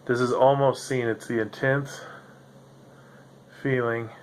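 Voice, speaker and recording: This podcast host talks slowly at a medium pitch, his voice barely rising or falling. Recording alone from home, he rambles, swears freely and laughs a lot, while a noisy computer's grinding fan leaves slight noise behind him.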